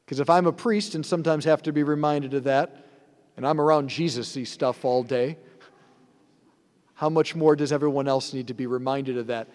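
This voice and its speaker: A man's voice: mid-range voice, steady tone, normal speed, darkish tone. A man, a priest, giving a sermon in an earnest, conversational way with rhetorical asides. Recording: long hall reverb.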